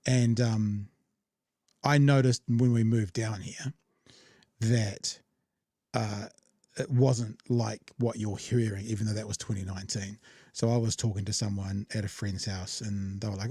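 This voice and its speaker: A man's voice: fairly low pitch, steady tone, normal speed, warm tone, no echo. A man with a New Zealand accent, hosting a casual chat and telling stories in a chatty, self-deprecating way. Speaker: podcast host.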